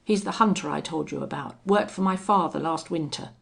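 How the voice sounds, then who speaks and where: A woman's voice: sits low, a little fast, gravelly. A woman voicing a spoiled, contemptuous young rich rancher's son in an audiobook reading, harsh and sneering.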